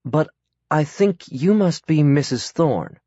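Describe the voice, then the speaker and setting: A man's voice: on the high side, expressive, dark tone, breathy edge, dry recording, pitched above the performer's own voice, heavily acted. A man voicing a courteous, earnest man with a slight American accent. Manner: courteous and measured. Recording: dry, slightly dull audiobook recording.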